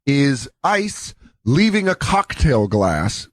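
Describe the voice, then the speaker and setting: A man's voice: medium pitch, slow, no echo, clean studio sound. Wry man co-hosting a radio show. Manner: wry, deadpan quips and mock quotes. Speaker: radio co-host. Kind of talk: casual comedic banter.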